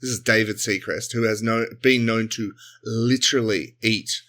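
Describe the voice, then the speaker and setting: A man co-hosting a comedy podcast, improvising a sci-fi story and jumping into quick character voices. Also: on the low side. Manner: animated, acts out characters in quick bursts. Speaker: podcast co-host.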